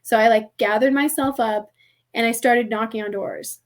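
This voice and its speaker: A young woman with a somewhat high voice recounts a personal story on a podcast. She talks casually and animatedly, peppering her sentences with "like" and slipping into the voices of people she quotes. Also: moderate pace, soft background music. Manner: animated, heavy use of "like", acts out quoted voices. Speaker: podcast guest.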